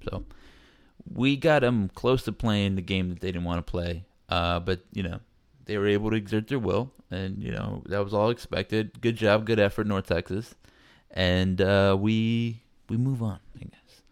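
Low-voiced man in casual sports talk. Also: moderate pace, clear, resonant tone, dry recording, studio quality. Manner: rambling, animated, acts out quotes. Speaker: podcast host.

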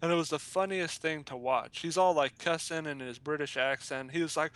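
A man's voice: fairly high pitch, fairly quick, few pauses, sharp tone, clear, resonant tone. A man in casual chat, telling stories in a laid-back, offhand way.

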